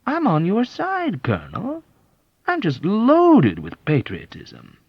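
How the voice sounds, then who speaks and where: A man's voice: sits high, huge pitch swings, slow, no echo, pitched above the performer's own voice, exaggerated voice. A man reading an audiobook and voicing a sly, sardonic middle-aged male colonel who mocks with ironic sweetness. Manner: smooth, mocking, ironically sweet. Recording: dull, dry lo-fi audiobook.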